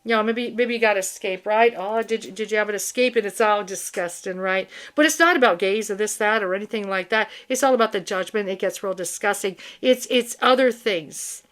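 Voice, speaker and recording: A woman's voice: medium pitch, brisk, hardly any pauses, fairly bright tone. Rambling, blunt woman host. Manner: rambling and blunt, swears, laughs, many restarts. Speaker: spiritual channel host. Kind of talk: unscripted spiritual monologue.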